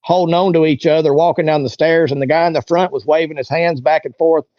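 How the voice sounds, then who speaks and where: Guy in his 40s rambling thru a story, lots of you know and like, bit high pitched, dry dull mic. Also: fairly even intonation, quick pace, no echo. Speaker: interview guest. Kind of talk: casual storytelling.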